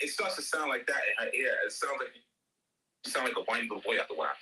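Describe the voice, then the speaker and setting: A middle-aged ministry speaker gives a casual motivational talk in an audio chat room, full of slang and jokes. He laughs often, keeps saying "you know what I'm saying," and mocks people with high-pitched quoted voices. His fast, lively voice sounds pushed and bright over poor audio with a bit of hiss or hum.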